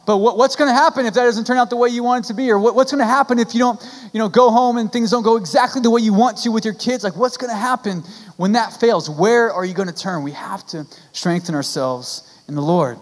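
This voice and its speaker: A man's voice: extremely high pitch, fast talker. A young man preaching a sermon as pastor, earnest and pleading, with frequent restarts and casual fillers. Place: church sanctuary. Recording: church hall with long reverb.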